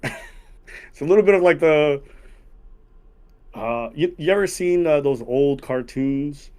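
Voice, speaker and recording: A man's voice: a little high, slow pace, darkish tone, smooth. A man from Montreal in a casual chat, speaking in a laid-back way with lots of hedging fillers. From Montreal, Canada. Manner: laid-back, hedging with fillers like "uh" and "I'm not gonna lie". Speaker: guest interviewer. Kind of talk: casual conversation.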